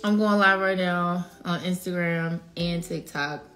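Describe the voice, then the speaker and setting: Young woman in a selfie vlog, teary and overwhelmed, slow-talking and low-pitched, swings between hushed whispers and shouts. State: teary after crying. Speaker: singer.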